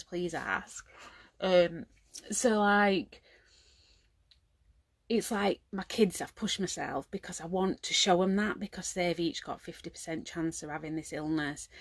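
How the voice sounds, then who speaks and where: A woman's voice: lowish voice, dry recording. Tired, emotional woman. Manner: rambling and heartfelt, fighting back tears at times. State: exhausted. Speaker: vlogger. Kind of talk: emotional confessional vlog.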